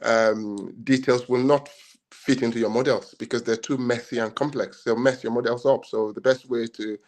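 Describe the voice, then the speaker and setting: A man's voice: mid-range voice, fairly even intonation, moderate pace, a little mellow. Guy on a podcast, rambly, keeps restarting his sentences. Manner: rambling, many restarts and fillers. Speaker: podcast co-host. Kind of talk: casual debate chat.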